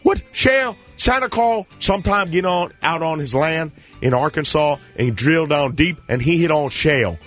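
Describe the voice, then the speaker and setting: A man putting on a gleefully crude backwoods Santa Claus takes calls on a radio show. He talks about himself in the third person with broken grammar, his voice sitting slightly high. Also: lively intonation, moderate pace, hardly any pauses, fairly bright tone, faint music behind. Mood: joking. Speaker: comedy character on a radio call-in.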